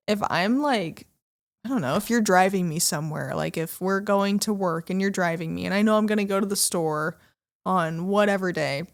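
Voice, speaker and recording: Chatty Midwestern woman podcast host. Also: mid-range voice. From American Midwest. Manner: chatty, animated, lots of fillers. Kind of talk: casual chat.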